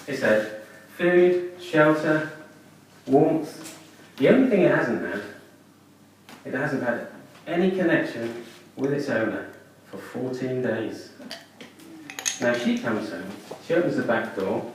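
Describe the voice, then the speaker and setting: A man works a comedy-club crowd, his voice leaping animatedly between highs and lows. He mixes lively storytelling with deadpan asides. The sound is very echoey and distant, with a faint hiss underneath. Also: slow, long pauses. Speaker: stand-up comedian. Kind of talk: stand-up comedy set.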